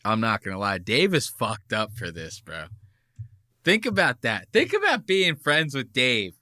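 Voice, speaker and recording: A man's voice: medium pitch, wildly swooping pitch, unhurried, bright, forceful tone, no echo, clean studio sound. A man hosting a podcast, reacting to a clip with brash, mocking, profane commentary. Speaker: podcast host.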